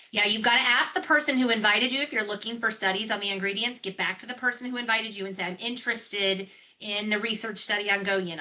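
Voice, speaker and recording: A woman hosting a live online business overview, making an earnest, rallying sales pitch straight to her listeners. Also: bright, forceful tone. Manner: fervent and testimonial-driven. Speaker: network marketing presenter hosting a live overview.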